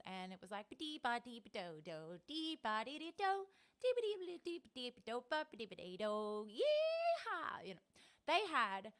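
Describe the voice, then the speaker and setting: Aussie woman in her 30s rambling on a livestream, lots of ums, giggly, mid-pitched. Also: fairly bright tone. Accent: Australian. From Australia. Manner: chatty and rambling, many ums, laughs often. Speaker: live streamer. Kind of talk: rambling casual live-stream chat.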